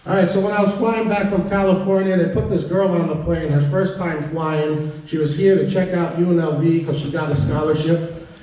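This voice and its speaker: Deadpan stand-up comedian, echoey room. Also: male voice, a little high, brisk. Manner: deadpan storytelling, acting out quoted dialogue. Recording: echoey room, mic at a distance. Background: audience laughter.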